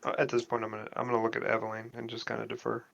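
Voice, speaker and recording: A man's voice: medium pitch, completely flat delivery, rapid-fire, vocal fry, a bit bright. A man playing his character in a tabletop game, speaking hesitantly with fillers and restarts. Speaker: player. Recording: dull lo-fi mic.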